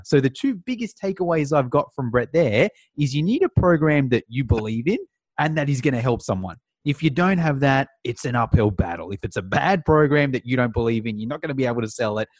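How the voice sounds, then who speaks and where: A man hosting a podcast, upbeat, recapping the guest's points in clear steps. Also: mid-range voice, darkish tone, no room sound. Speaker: podcast host. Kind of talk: podcast conversation, summarizing.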